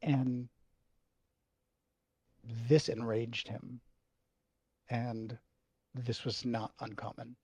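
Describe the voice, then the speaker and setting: A man telling a personal story in a halting, emotional way, swearing freely. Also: mid-range voice, little pitch movement, darkish tone, slightly rough, no room sound. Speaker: video host.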